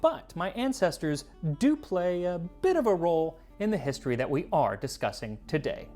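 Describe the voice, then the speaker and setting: Cooking history host, male, scripted and playful, with a lively up-and-down delivery and faint music behind. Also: fairly high pitch, normal speed. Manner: playful, jokey asides.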